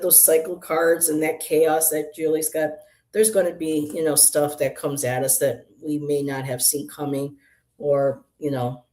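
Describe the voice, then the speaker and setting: A woman's voice: low voice, mellow. A woman hosting a casual livestream, chatting with viewers by name and doing card readings, rambling and laughing often. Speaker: tarot reader and livestream host. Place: apartment room.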